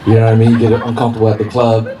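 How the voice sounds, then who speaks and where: A man's voice: on the low side, completely flat delivery, very fast, a crowd in the background. A man performing a stand-up comedy set in a park, laughing through his punchlines. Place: outdoor park stage. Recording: roomy open-air sound from far mic with noise.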